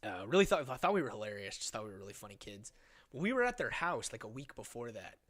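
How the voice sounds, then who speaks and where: A young man in his twenties, a podcast guest telling a story in casual chat, animated and swearing a lot, acting out the voices of people in it. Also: mid-range voice, fast.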